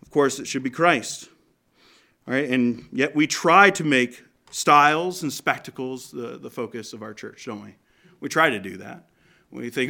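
A man's voice: medium pitch, a little slow, creaky, sharp tone. A man preaching a conversational sermon from Canada, often asking the congregation questions.

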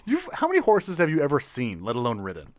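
A young man co-hosting a podcast in casual banter, playful and teasing, quick to laugh. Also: on the high side, wildly swooping pitch, no echo. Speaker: podcast co-host.

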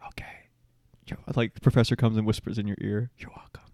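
A man's voice: on the low side, flat delivery, fast talker, mellow, dry recording, studio quality. A young man co-hosting a podcast, joking around, playfully stubborn and laughing often. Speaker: podcast co-host. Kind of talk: casual chat.

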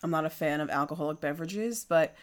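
A woman with a slightly low voice chimes in casually, adding details and pausing with the odd "um." Her delivery is relaxed and conversational. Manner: easygoing, adds details, hesitant fillers. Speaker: co-host. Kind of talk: casual chat.

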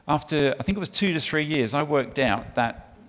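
With a fairly high, animated, slightly bright voice at normal speed, a middle-aged man from England delivers a sermon talk to a church. He is there as a guest speaker for a child sponsorship charity, and his chatty style is peppered with ums and restarts. The church hall's long reverb fills the recording.

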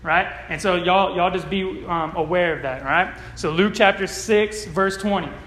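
High-voiced pastor in an echoey room. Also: male voice, moderate pace, fairly bright tone. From California. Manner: conversational, tag questions "right?" often. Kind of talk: sermon.

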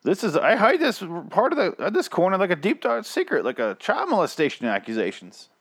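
A man's voice: high-pitched, huge pitch swings, a little fast, fairly bright tone. A man co-hosting a casual chat, sarcastic and freely swearing. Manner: sarcastic, profane. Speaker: podcast co-host.

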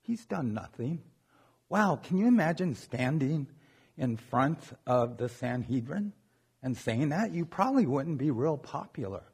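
Slow, gravelly-voiced man preaching. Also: fairly high pitch, very animated, a little mellow. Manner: conversational, joking, keeps asking "okay?". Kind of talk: sermon.

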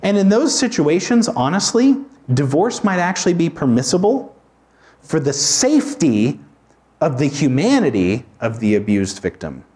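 A man's voice: on the high side, very animated, moderate pace, darkish tone. A man preaching an expository sermon as a pastor, talking in a conversational way with informal asides.

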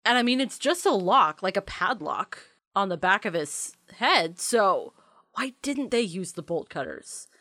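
A woman's voice: medium pitch, sing-song, a little slow, pushed and bright, dry recording, clean studio sound. A woman co-hosting a podcast, chatting casually and playfully about a movie with an analytical bent. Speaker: podcast co-host.

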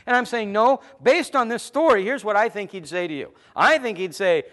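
A male pastor preaching a sermon, emphatic, repeating words as he builds a point and dropping to low, quiet asides. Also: animated, moderate pace, few pauses.

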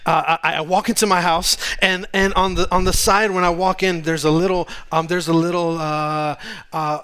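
A man from Texas with a Texan accent, preaching a sermon on a church stage, telling stories in an animated way with frequent laughter and shouting. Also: fairly high pitch, clear, resonant tone. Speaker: pastor.

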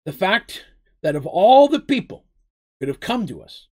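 A man's voice: high-pitched, sing-song, unhurried, pitched above the performer's own voice, heavily acted. A man reading as an earnest gully king father. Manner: earnest, letter read in a plain voice.

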